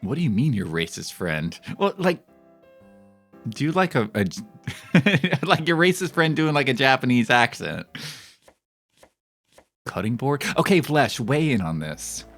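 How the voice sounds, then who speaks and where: A man's voice: mid-range voice, sing-song, unhurried, pauses often, fairly bright tone, soft background music. A man streaming a cooking game, chatting casually and making crude, rambling jokes with lots of fillers. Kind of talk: casual gameplay commentary.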